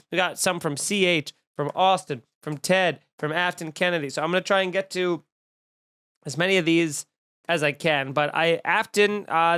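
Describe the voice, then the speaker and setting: A man's voice: on the high side, a bit bright, clean tone. A man hosting a comedy podcast, riffing in a snarky, profane monologue full of mock outrage. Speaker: podcast host.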